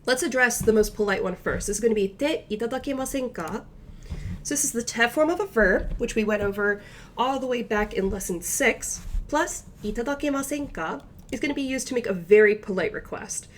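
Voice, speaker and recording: A woman teaching a recorded language lesson, explaining each point patiently step by step and slowing down for the example phrases. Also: a little high, lively intonation, slight background noise.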